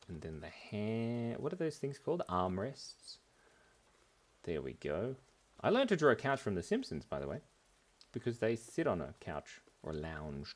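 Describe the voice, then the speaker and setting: A man hosting a live drawing class for kids, talking playfully while he draws and making goofy wordplay. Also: sits low.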